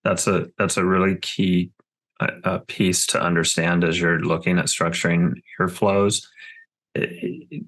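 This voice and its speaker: A man in a user group meeting adding a comment, halting and repeating his words with fillers. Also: sits low, a bit bright.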